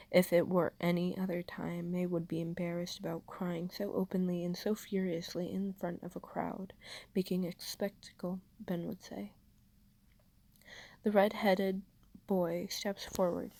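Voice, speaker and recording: A woman reading fan fiction aloud as an audiobook, softly, often dropping into a half whisper. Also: fairly low pitch, gravelly, dry recording. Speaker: podfic reader. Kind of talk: fanfiction audiobook narration.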